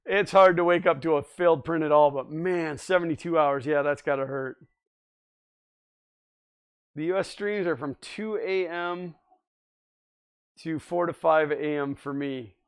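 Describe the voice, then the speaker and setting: A man's voice: on the high side, a little slow, pauses often, smooth. A man hosting a livestream, chatting casually and reading viewer comments aloud, easygoing and often laughing. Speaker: livestream host.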